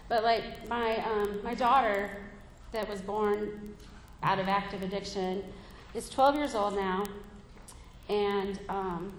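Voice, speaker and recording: A woman's voice: mid-range voice, slight background noise. A woman in her thirties giving a candid, rambling personal testimony at a recovery meeting, with many fillers and laughs. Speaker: speaker sharing at a recovery meeting. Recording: echoey hall from far off.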